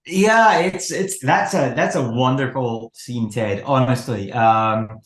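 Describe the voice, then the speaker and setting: A man's voice: medium pitch, slow, a bit bright. A man speaking as a guest in a casual interview, hesitant, with many ums and restarts. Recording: echoey room.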